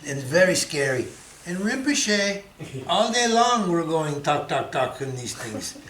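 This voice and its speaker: Guy telling stories in an echoey hall, bright voice, laughs a lot, does sound effects. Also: fairly high pitch, unhurried. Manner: animated storyteller, imitates sounds, laughs often. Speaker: Buddhist teacher telling stories. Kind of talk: storytelling talk with interpreter. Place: meditation centre hall. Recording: echoey hall, faint noise.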